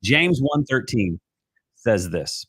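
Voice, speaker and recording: A man's voice: mid-range voice, sing-song, slow pace, fairly bright tone, slightly rough, no echo. A man, a Christian life coach giving an earnest, rambling live-stream talk full of restarts and fillers.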